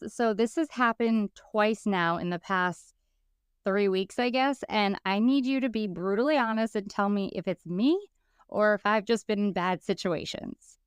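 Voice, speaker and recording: A woman's voice: mid-range voice, normal speed, clear, resonant tone, dry recording, clean studio sound. Woman in her thirties with a very clean voice. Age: 30s. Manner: lively storytelling, acting out the people she quotes. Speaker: podcast co-host. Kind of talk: casual podcast chat.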